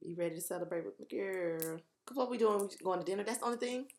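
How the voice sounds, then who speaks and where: A woman co-hosting a casual chat, animated and acting out quoted voices. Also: mid-range voice, fast. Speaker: podcast co-host. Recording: roomy echo.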